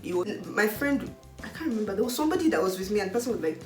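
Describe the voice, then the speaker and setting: A woman with a Nigerian accent, talking in an outspoken, animated way in a casual chat. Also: mid-range voice, very fast. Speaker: host. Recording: echoey room with faint music.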